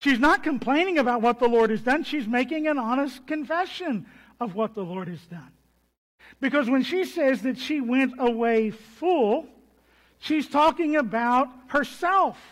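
High-voiced man preaching slowly in a reverberant hall. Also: expressive. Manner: deliberate, emphatic, trailing off to soft low endings. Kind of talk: expository sermon.

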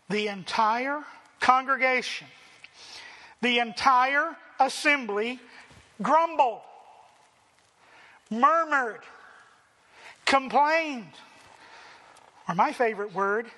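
A male pastor delivers an animated sermon in a strikingly high, bright voice. He slips into mocking voices for the people he quotes. His words ring out with the long reverb of a large hall. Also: drawn-out words, long pauses. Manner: animated preaching, acts out quoted complainers.

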